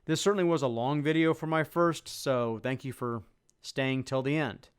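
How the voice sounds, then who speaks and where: Smooth-voiced man reading a channel introduction. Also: medium pitch. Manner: measured, earnest, reads from a script. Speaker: YouTube channel host.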